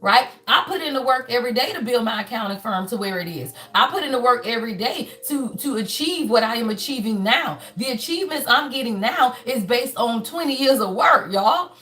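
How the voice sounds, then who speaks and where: Woman, fifties, spiritual reader, fairly high voice, emphatic, preachy, profane, repeats her points. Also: lively intonation, brisk, few pauses, sharp tone. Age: 50s. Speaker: spiritual reader and life coach. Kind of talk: preachy spiritual reading to viewers.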